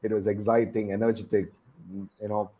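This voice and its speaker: A man moderating a call review, speaking in an easygoing, halting way with many fillers over a video call. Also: lowish voice, flat delivery, noisy background. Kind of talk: casual panel chat.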